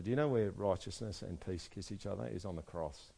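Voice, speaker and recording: A man preaching a sermon, moving between soft, quiet stretches and loud, emphatic passages. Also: low-pitched, fairly quick, creaky, hardly any pauses, breathy edge. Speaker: pastor.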